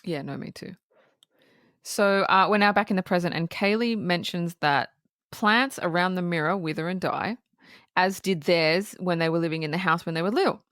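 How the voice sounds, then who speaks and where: Lower-voiced woman recapping a film. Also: normal speed, no room sound, studio quality. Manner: animated recapping, laughs often. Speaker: podcast co-host. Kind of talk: casual movie review chat.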